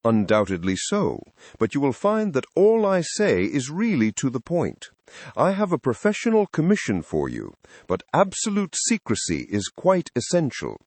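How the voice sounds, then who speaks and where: A man's voice: medium pitch, wildly swooping pitch, normal speed, a little mellow, dry recording, pitched above the performer's own voice. A man voicing a secretive, suspicious middle-aged colonel with a slight German accent, in an audiobook. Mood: insistent. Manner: insistent, suspicious, clipped. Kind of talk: audiobook character reading.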